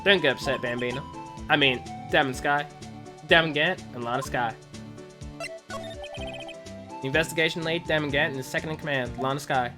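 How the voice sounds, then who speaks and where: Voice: mid-range voice, over music, close to an everyday voice. A streamer putting on a drawling cowboy detective. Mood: laid-back. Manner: slow put-on cowboy drawl. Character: drawling cowboy male detective, laid-back. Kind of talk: reading game dialogue aloud.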